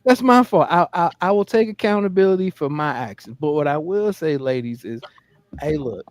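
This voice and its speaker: A man's voice: a little high, moderate pace, dry recording. A man hosting a live-streamed podcast, telling a story in a casual, profane way and acting out the quotes. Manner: animated, profane, acts out quotes. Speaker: podcast host. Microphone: studio mic on a live stream.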